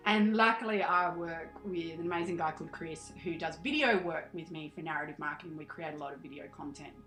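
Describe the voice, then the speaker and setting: A woman's voice: low-pitched, fairly quick, fairly bright tone, echoey room, faint music behind, rough recording. An Australian woman in her thirties, a podcast guest chatting animatedly, laughing often and acting out her past self. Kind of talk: casual interview chat.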